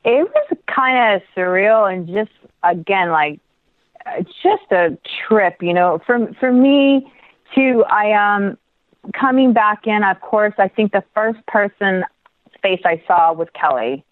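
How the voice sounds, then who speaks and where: A middle-aged woman recounts her story as a guest, her telling animated and full of quick asides and self-corrections. She comes through a thin, tinny phone line. The sound is dry, with no room around her voice. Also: medium pitch, dry recording. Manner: animated, lively retelling with quick asides and restarts. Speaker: interview guest, dancer. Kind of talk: casual storytelling in an interview.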